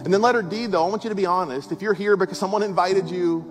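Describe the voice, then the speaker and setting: High-voiced pastor preaching in a reverberant hall. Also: male voice, quick pace. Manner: conversational, emphatic preaching with rhetorical questions. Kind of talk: sermon. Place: large church auditorium. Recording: long hall reverb with faint music.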